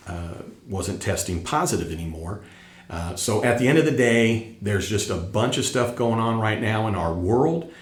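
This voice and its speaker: A middle-aged man hosting a tax channel, talking straight to viewers in an emphatic way that repeats his points, while still getting over an illness. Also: fairly low pitch. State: recovering from illness. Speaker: tax educator and channel host. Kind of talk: casual direct-to-camera talk. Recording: echoey room.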